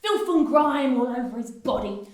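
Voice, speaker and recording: A woman's voice: high voice, expressive, moderate pace, darkish tone, recorded from a distance. A woman acting a wheedling male street performer who fakes drownings for money, in an amateur stage scene recorded off-mic in an echoey room. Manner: wheedling, salesman patter, mock-respectful. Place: drama class room.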